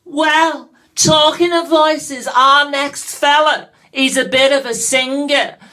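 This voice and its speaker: A man's voice: very high-pitched, fairly even intonation, sharp tone, full character voice. A man doing a chirpy dating-show hostess. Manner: chirpy, drawn-out introductions. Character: cheery middle-aged female dating-show hostess.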